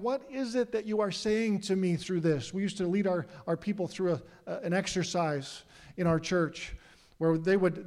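Earnest pastor preaching in a reverberant hall. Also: male voice, high-pitched, darkish tone. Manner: earnest, asks the congregation questions. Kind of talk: sermon. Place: church sanctuary.

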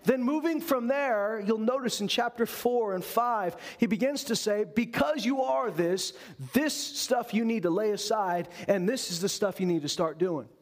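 A pastor with a high-pitched voice preaches a sermon in earnest, putting rhetorical questions to the congregation. He talks at a normal speed and barely pauses.

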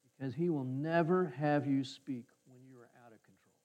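A man's voice: fairly high pitch, moderate pace. A man preaching a sermon, telling a personal story in a folksy way and acting out the voices of people he quotes. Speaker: pastor. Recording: slightly dull, muffled sound.

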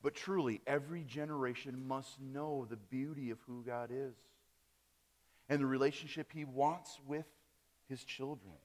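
A man from Wisconsin preaching a sermon as pastor, rising on key phrases and dropping soft at the ends of lines. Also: medium pitch, steady tone, normal speed. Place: church sanctuary. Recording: reverberant church hall.

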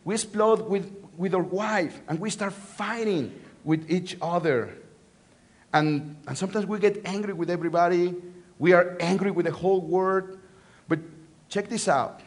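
High-pitched and highly animated, a man preaching a sermon tells a story as a pastor, shifting between loud emphatic moments and hushed lines. He repeats phrases for effect.

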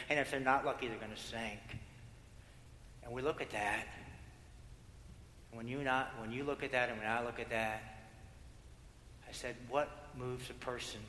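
A male pastor preaching a sermon, building through repeated phrases and dropping to hushed prayer. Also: medium pitch, slight background noise. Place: church sanctuary. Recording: echoey hall with long reverb.

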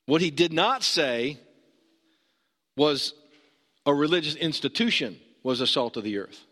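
A man's voice: on the high side, expressive, a little slow, long pauses, bright, forceful tone. A man preaching a sermon, conversational and emphatic, putting questions to his listeners. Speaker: pastor. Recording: long hall reverb.

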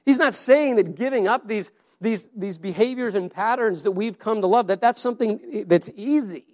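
A man's voice: high-pitched, moderate pace. A man preaching a sermon, earnest and story-driven, often repeating his words as he goes. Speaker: pastor.

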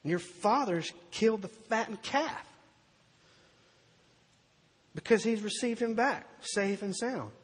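A preacher voicing a male servant plainly reporting news, with a husky voice in a reverberant hall. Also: high-pitched, expressive, takes it slowly, pauses often, voice pushed up, exaggerated voice.

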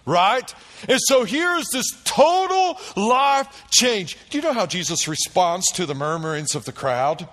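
A man preaching a sermon, calling out to the congregation and swinging between quiet low passages and loud high bursts. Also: a little slow, long reverb tail. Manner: animated preaching with call-and-response. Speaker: pastor.

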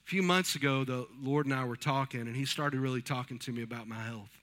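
This man is a pastor in his 50s, preaching in the church sanctuary with a fast, mid-range, fairly bright voice. His sermon is chatty and story-driven, with quoted voices he performs for the people in his tales.

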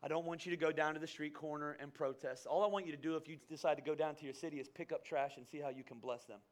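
A man's voice: on the high side, steady tone, fast. A middle-aged man preaching a sermon to a congregation, talking conversationally and rising to fervent emphasis. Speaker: pastor.

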